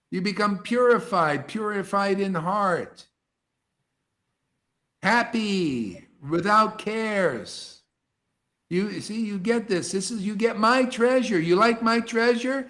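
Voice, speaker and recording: A man giving an impassioned devotional talk to an online group, preachy and fervent, swinging between soft asides and loud exclamations. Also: high voice, animated, slow pace. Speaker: spiritual teacher leading an online satsang. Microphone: video call.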